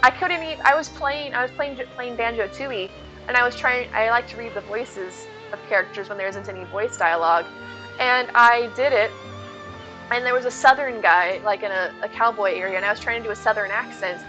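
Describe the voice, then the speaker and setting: Brief: chatty woman game streamer, bright, a bit high, casual and lively. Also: fairly quick, soft background music, low-quality recording. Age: adult. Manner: chatty, reads chat aloud, lively. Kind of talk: casual chat while gaming.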